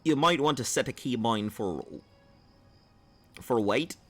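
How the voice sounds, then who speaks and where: A man's voice: mid-range voice, animated, slow pace, fairly bright tone, soft background music. A man streaming a game and chatting with viewers in a put-on Australian accent, rambling and playful. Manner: rambling, playful, talks to chat. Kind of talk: gameplay livestream chat.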